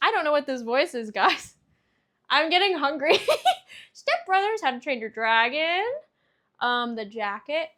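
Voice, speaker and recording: A woman's voice: high-pitched, lively intonation, measured pace, long pauses, pushed and bright. A young woman chatting casually on a stream, reading viewer answers aloud, laughing often and swearing freely.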